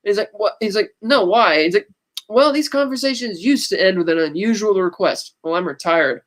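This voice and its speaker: A man's voice: high voice, lively intonation, normal speed, a bit bright. A man co-hosting a podcast, chatting casually as he retells movie scenes and quotes their lines. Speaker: podcast co-host. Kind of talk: casual movie recap chat.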